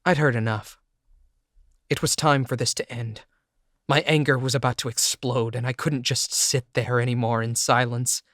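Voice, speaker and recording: A man's voice: medium pitch, fairly even intonation, moderate pace, fairly bright tone, no room sound. A man reading a first-person audiobook in an intense, emotional way, close to the mic. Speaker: audiobook narrator. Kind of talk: scripted first-person narration.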